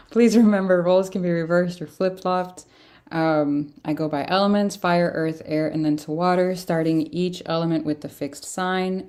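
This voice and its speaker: Tired, chatty woman with a lowish voice. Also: a little mellow. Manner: chatty, rambling, laughs often. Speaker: tarot reader. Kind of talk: casual livestream tarot reading.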